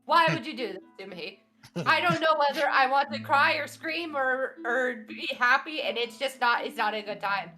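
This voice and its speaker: A woman's voice: high-pitched, expressive, normal speed, sharp tone, soft background music, voice pushed down. A woman voicing an ancient undead former princess who rambles, half crying and half laughing, over a tabletop game. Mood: overwhelmed. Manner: overwhelmed, rambling, swinging between tears and laughter.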